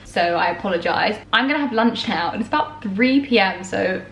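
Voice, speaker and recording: A woman's voice: medium pitch, animated, fairly quick, a bit bright. A young woman chatting casually through her day, laughing often and poking fun at herself. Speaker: vlogger. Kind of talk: casual chat. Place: home kitchen. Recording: echoey kitchen with clatter.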